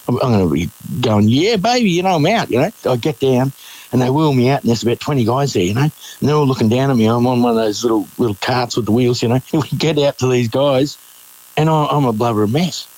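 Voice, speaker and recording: A middle-aged Australian man recounting an ordeal in a relaxed, conversational way. His pitch is mid-range, and he slips into the voices of people he quotes. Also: fast, low-quality recording. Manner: laid-back, acts out quoted voices, chuckles. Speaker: interviewee, former miner. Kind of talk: casual storytelling.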